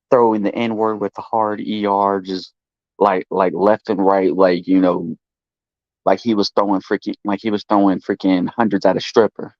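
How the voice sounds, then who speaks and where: A man's voice: fairly low pitch, dry recording, lo-fi sound. A man ranting casually to his live chat, swearing constantly and restarting his sentences as he goes. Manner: profane, rambling, animated rant with frequent restarts. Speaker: streamer.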